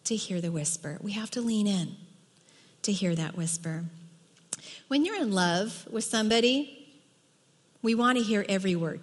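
Earnest woman preaching in a reverberant hall. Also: fairly high pitch. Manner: earnest, emphatic, drops to soft tones for quoted words. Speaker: women's Bible teacher. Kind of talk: sermon.

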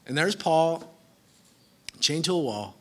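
A man preaching a lively sermon, telling a story casually and acting out the characters in quick voices. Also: on the high side. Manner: animated, acts out characters in quick voices, swings from hushed to loud; casual slangy speech.

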